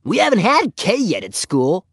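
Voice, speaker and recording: A man doing an eager little girl, high and pleading. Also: wildly swooping pitch, normal speed, fairly bright tone, slightly rough, no echo, clean studio sound, exaggerated voice. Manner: pleading, bossy.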